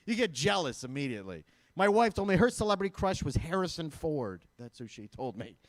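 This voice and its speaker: A man's voice: a little high, sing-song, a little fast, no echo. A man in his thirties from Michigan doing a stand-up comedy set, self-deprecating and chatty with the audience. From Michigan, USA. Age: 30s. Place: live event stage at a school fundraiser.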